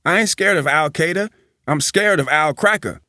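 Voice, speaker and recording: A man voicing a loud, defiant male stand-up comedian, shouting punchlines with rising pitch. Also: normal speed, no echo, clean studio sound. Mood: ranting.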